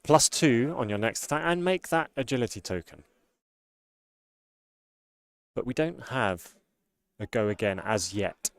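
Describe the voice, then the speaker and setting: A man giving steady, upbeat play-by-play commentary on a live card game tournament. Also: medium pitch, moderate pace, no room sound.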